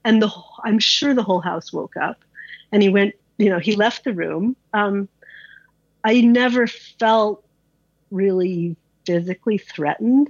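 Husky woman telling a candid story. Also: medium pitch, a little mellow, no echo, muffled recording. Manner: candid, conversational, frequent "like" and restarts. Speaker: interviewee. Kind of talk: casual personal storytelling.

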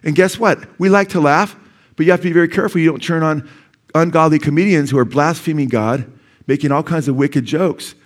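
A man's voice: a little high, brisk. A man preaching a sermon as pastor, earnest and urgent, with sudden emphatic rises in his voice. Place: church sanctuary.

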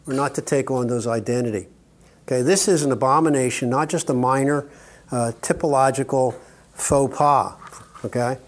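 A man's voice: mid-range voice, moderate pace. An older man delivering a sermon-style teaching talk in a mid-range voice. He drives his points home emphatically, breaks off for joking asides, and keeps asking "okay?" to check that his audience is with him. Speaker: conference speaker.

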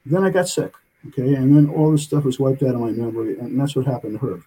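A man's voice: medium pitch, fast talker, dark tone, slight background noise, poor audio. An older man telling a long story as an interview guest, rambling and tagging his sentences with "okay?". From United States.

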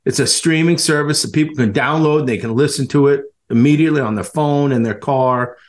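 A man's voice: mid-range voice, a little fast. An effusive man hosts a podcast, chatting casually and laughing often. His voice sits in a middle range, and he stumbles and repeats words as he goes. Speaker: podcast host. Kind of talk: casual interview chat.

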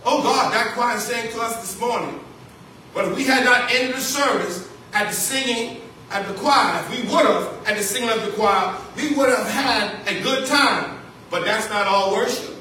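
High, bright-voiced preacher in an echoing church. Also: male voice. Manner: fervent preaching, repeating key phrases, calling out to the congregation. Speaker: pastor. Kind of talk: sermon. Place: church sanctuary. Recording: echoey church hall, distant mic, faint noise.

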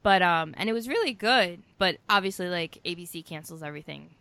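A woman co-hosting a casual movie chat, chatty and often trailing off softly. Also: fairly low pitch, lively intonation, brisk, smooth, no echo. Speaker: podcast co-host.

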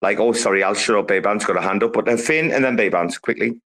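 A man's voice: fairly low pitch, fast talker, a bit bright. A man co-hosting a casual online group chat, rambling and swearing freely as he tells stories and passes the mic. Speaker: co-host of a crypto community talk show.

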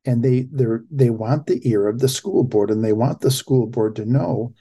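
A man's voice: medium pitch, moderate pace, few pauses, dark tone, husky. A middle-aged man hosting a talk show, giving impassioned, emphatic political commentary.

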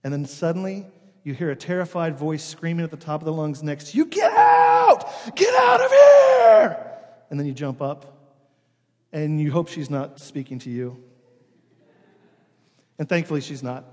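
A man's voice: a little high, moderate pace, pauses often. A man preaching a sermon in a church, reading scripture and then telling stories conversationally. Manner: conversational storytelling with animated imitations. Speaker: pastor. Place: church sanctuary. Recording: long hall reverb.

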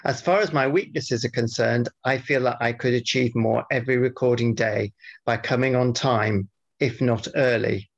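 A man co-hosting a podcast, bantering casually and reading out mock-formal feedback in a dry, deadpan way. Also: medium pitch, normal speed. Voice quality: gravelly, husky. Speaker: podcast co-host. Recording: dull lo-fi podcast audio.

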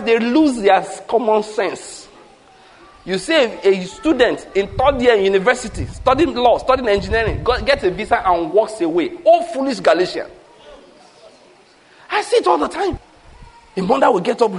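A man with a Nigerian accent preaching a sermon, animated and repetitive with humorous asides. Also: high voice, low-quality recording.

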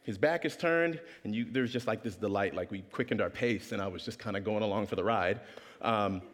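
A man's voice: lowish voice, fairly quick, big-room sound. A man preaching a storytelling sermon, acting out the voices of the people in his story. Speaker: pastor.

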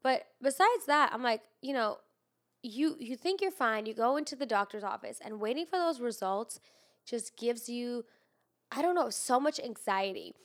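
A woman's voice: fairly high pitch, lively intonation, normal speed. A young woman with a congested, nasal voice, chatting casually with lots of "like" and some swearing. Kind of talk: casual chat.

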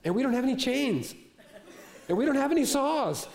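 A man's voice: extremely high pitch, sing-song, normal speed, creaky, reverberant, pitched above the performer's own voice, full character voice. A man voicing a blunt young male hardware store clerk who turns customers away in a dismissive, exasperated tone.

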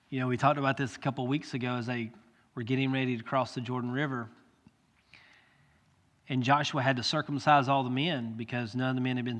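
A male pastor preaching a sermon with earnest, direct address that swells into loud pleading. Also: mid-range voice. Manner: earnest, rises to loud pleading when quoting. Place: church sanctuary. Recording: long church hall reverb.

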